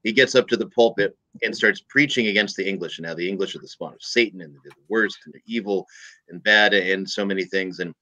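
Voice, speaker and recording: A man's voice: low-pitched, fairly quick, sharp tone, dull audio. A man co-hosting a casual talk show, rambling with many fillers as he tells a joke. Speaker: co-host. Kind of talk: casual chat, telling a joke.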